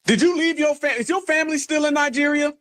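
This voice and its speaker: An American man hosting a livestream, taunting and mocking a guest in a heated argument. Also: very high voice. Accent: American English. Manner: mocking, taunting, loud and rapid insults. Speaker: livestream host.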